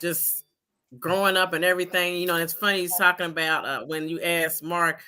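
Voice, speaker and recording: A man with a very bright, forward voice speaks in a measured, reflective way as a co-host in a casual chat. He hedges a lot as he talks. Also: a little high, fairly even intonation, smooth.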